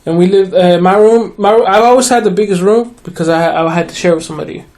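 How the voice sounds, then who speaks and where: High-voiced young man telling a story. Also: fast talker, darkish tone. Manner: swearing, laughing storyteller. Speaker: podcast co-host. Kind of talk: casual chat.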